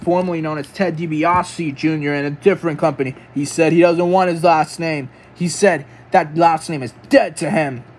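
A man commentating a wrestling video game match, who is jokey and sarcastic between moves and gasps and exclaims loudly when the action picks up. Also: a little high, fairly even intonation, normal speed, hardly any pauses, a little hiss or hum. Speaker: play-by-play commentator.

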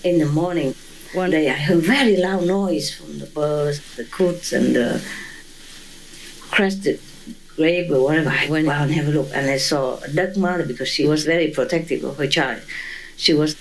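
Lively woman telling an animal story. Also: low voice, moderate pace, slight background noise, poor audio. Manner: laughs often, acts out voices and sounds. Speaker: interviewee.

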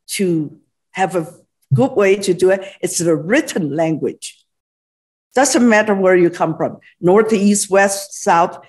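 A woman from China with a Chinese accent, giving a lecture as guest speaker, speaking haltingly with frequent restarts. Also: mid-range voice, darkish tone. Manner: slow, halting, with restarts and Mandarin examples. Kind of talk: lecture on language.

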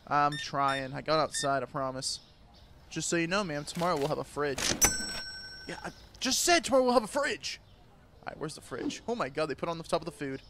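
A young man with a fairly high voice talks over a game in a crude, sarcastic way. He swears freely and swings from low mutters to loud outbursts at the customers. A faint background noise sits under his voice. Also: expressive, fairly quick. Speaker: gaming video creator. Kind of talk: casual gameplay commentary.

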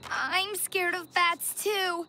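A woman's voice: very high-pitched, fairly even intonation, takes it slowly, pushed and bright, full character voice. A woman voicing a brave, curious young boy, the eager and upbeat lead, with music behind him. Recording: cartoon soundtrack with music.

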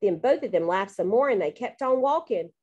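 A woman reading a children's book aloud, narrating in a bouncy, expressive child's voice. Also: medium pitch, a little fast. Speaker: audiobook reader.

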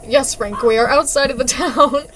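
A woman voicing a calm, matter-of-fact talking cat in a video game. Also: high-pitched, moderate pace, slight background noise, close to an everyday voice. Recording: game music playing underneath.

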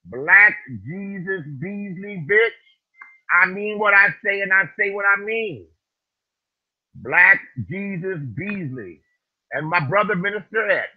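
A man rants in a preacher-like style, profane and repeating his phrases for emphasis. His voice sits fairly high and sounds husky. It comes through a tinny phone-like line. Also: lively intonation, unhurried. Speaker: livestream host. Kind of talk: preacher-style ranting livestream talk.

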